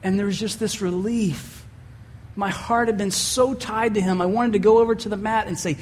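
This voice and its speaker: A man's voice: high voice, moderate pace, darkish tone, in a large hall, a little hiss or hum. A man preaching a sermon as pastor, telling a story and acting out the voices he quotes.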